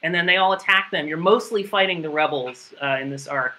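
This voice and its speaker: A man's voice: a little high, brisk, sharp tone, rough recording. A man casually recapping a game plot in a rambling, sarcastic, profane way, full of fillers. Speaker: podcast co-host recapping a game story. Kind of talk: casual chat.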